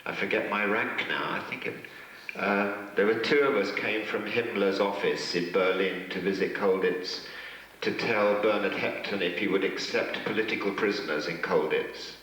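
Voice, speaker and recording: A man, a guest actor at a fan convention, telling rambling, self-mocking anecdotes with many pauses and restarts. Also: on the low side, a bit bright. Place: large convention hall with an audience. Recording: echoey hall from far off.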